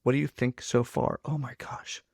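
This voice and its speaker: A man hosting a podcast chat, talking energetically and often restarting his sentences. His voice has a gravelly fry to it. The sound is dry and close, with no room echo. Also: mid-range voice, flat delivery, normal speed, darkish tone. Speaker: podcast host. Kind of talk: casual podcast conversation.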